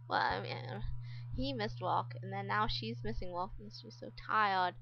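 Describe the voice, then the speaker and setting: A woman's voice: mid-range voice, fairly even intonation, a little slow, creaky, lo-fi sound. A woman giving casual gameplay commentary as a let's play host, exasperated and talking to the game characters.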